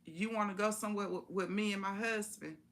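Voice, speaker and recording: A woman voicing a kind, generous older woman who becomes a caring godmother, speaking gently and plainly. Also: mid-range voice, fairly quick, close to an everyday voice. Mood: coaxing.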